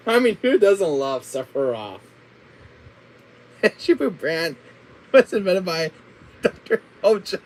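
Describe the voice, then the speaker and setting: A man's voice: a little high, huge pitch swings, slow, long pauses, a little hiss or hum, low-quality recording. A man chatting casually on his gaming livestream, laughing constantly at his own jokes. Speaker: gaming streamer.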